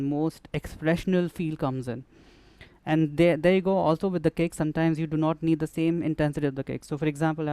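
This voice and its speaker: Male instructor, hands-on studio tutorial; smooth, dry close sound, talks while clicking through steps. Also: a little high, darkish tone, dry recording. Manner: explanatory, repeats and restarts phrases while demonstrating. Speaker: music production instructor.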